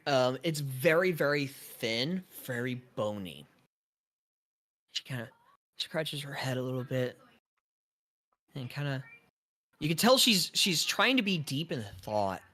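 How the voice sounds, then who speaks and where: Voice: medium pitch, big pitch swings, slow pace, long pauses, pushed and bright. A game master narrating a tabletop role-playing game in a casual, hesitant way, with many fillers.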